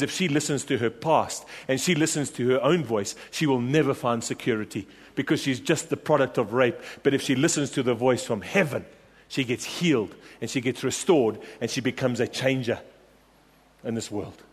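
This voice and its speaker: A man's voice: mid-range voice, moderate pace, husky. A man preaching a sermon, emphatic and repetitive, rallying his congregation with questions and refrains. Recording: long reverb of a large hall.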